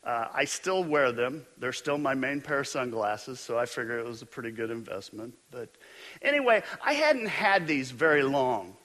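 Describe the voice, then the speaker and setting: A middle-aged male pastor preaching a sermon, telling stories with animated, self-mocking humor. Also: medium pitch, moderate pace.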